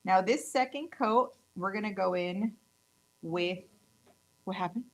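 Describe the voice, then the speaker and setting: A woman's voice: medium pitch, a little slow, rough recording. A woman in her thirties from California, chatting upbeat through a casual nail tutorial demo. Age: 30s. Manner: chatty and upbeat, gushes over colors. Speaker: nail tech instructor.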